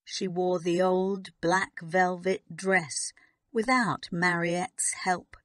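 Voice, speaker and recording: Slow, calm woman audiobook narrator. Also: on the low side, no echo, clean studio sound. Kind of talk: slow scripted story narration for English learners.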